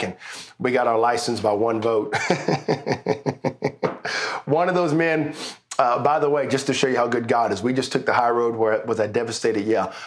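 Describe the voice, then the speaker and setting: A pastor giving an online sermon, telling a personal story in a conversational way and building to exuberant praise. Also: male voice, medium pitch. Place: church service streamed online.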